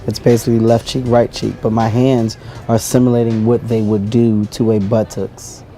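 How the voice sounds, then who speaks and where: Deadpan low-voiced man, mock-serious. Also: normal speed, over music. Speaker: talk show guest.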